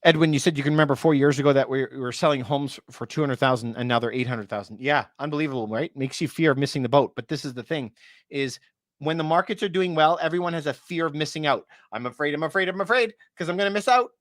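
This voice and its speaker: This real estate broker's medium-pitched voice is wearing out after so much talking. He's chatty on his livestream, responding to viewers by name with quick side remarks, captured in clean studio sound without any room tone.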